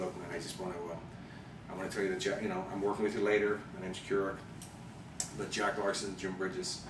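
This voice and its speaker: A man from Chicago, an interview guest, telling animated anecdotes and acting out the people he quotes. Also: fairly low pitch. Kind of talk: storytelling interview. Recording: roomy, distant mic with background noise.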